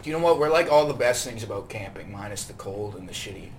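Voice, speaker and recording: A man's voice: on the low side, expressive, quick pace, distant mic, a crowd in the background. A young man co-hosting a casual podcast, enthusiastic and crude. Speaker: podcast co-host. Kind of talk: casual chat.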